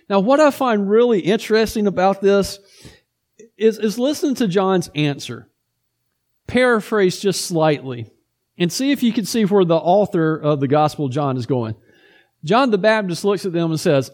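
High-pitched male preacher, casual storytelling sermon delivery. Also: measured pace. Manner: conversational, lively storytelling with asides.

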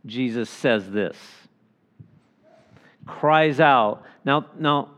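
A man's voice: medium pitch, extremely slow, a bit bright. A man who is a pastor, explaining a Bible chapter and stopping now and then to picture the scene aloud. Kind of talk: expository Bible teaching.

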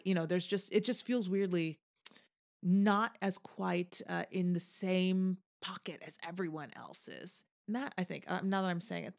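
A woman co-hosting a casual film discussion podcast, talking analytically and breaking into high exclamations. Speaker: podcast co-host.

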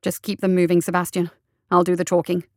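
A woman voicing a flustered, scheming male doctor who stammers and talks too loudly. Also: on the low side, completely flat delivery, quick pace, dry recording, studio quality, lightly acted. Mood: muttering. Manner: stammering, overly hearty, raises voice.

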